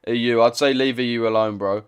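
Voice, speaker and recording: A man's voice: mid-range voice, fairly even intonation, a little fast, smooth. A man in his twenties with a London accent, chatting casually on a trading livestream, blunt and slangy, swearing freely as he answers chat. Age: 20s. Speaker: trading streamer.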